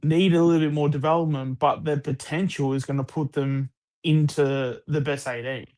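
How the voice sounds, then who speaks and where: A man's voice: fairly high pitch, fairly even intonation, moderate pace, darkish tone. An Australian man chatting casually about sport on a live stream, rambling with lots of restarts and the odd swear word.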